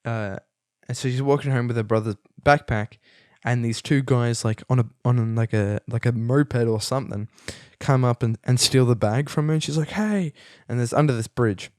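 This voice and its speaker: A man's voice: mid-range voice, fairly even intonation, moderate pace, a little mellow, dry recording, clean studio sound. A young man hosting a casual film review, rambling and amused, with many fillers and restarts. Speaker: podcast host reviewing a film.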